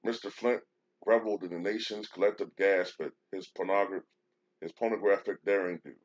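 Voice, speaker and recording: A man's voice: deep voice, fairly even intonation, brisk, slight background noise. A man hosting a show, talking casually and reading out a news article, with many fillers and restarts. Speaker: show host. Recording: dull lo-fi sound.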